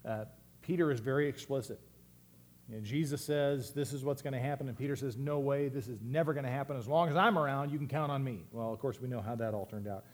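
A man's voice: mid-range voice, fast. A man preaching a sermon as pastor, earnest and reflective, often restarting his phrases.

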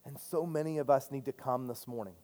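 Earnest pastor preaching in a reverberant church. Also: male voice, mid-range voice, a little fast. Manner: earnest, confessional, swinging from loud to hushed. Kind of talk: sermon. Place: church sanctuary. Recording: long hall reverb.

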